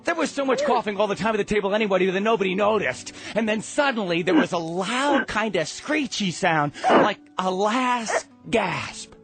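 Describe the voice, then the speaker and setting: A man telling a comic family story in a theatrical way, swinging from loud to hushed. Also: sits high, lively intonation, normal speed, few pauses, soft background music.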